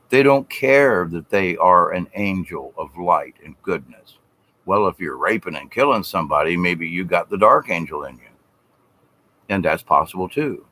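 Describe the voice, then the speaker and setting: A man's voice: lowish voice, fairly bright tone. A middle-aged man vlogging a rambling, folksy, preachy spiritual monologue, now and then mimicking people in mocking voices.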